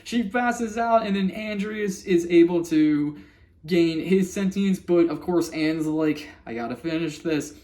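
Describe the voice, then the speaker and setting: A man with a high, warm voice recaps a cartoon episode at a slow pace for his vlog. His summary is loose and casual; he rambles, circles back, restarts sentences and laughs now and then.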